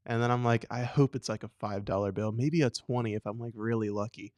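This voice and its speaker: A young man co-hosting a talk show, animated and playful, acting out voices as he tells a story. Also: mid-range voice, a little fast, no room sound, studio quality. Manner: acts out voices, laughs often. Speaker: radio show co-host. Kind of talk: casual chat, animated storytelling.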